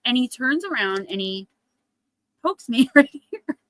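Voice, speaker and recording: Woman host, bright, dry close sound, chatty storyteller, acts out quotes. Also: a little high, very animated, a little slow, dry recording, rough recording. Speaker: oracle card reader and livestream host. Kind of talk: casual chat on a live stream.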